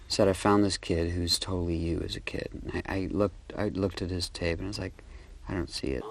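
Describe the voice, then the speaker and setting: Low-voiced man recalling a film shoot. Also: a little hiss or hum. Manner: reflective anecdotal storytelling. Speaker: film director interviewed. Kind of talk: documentary interview.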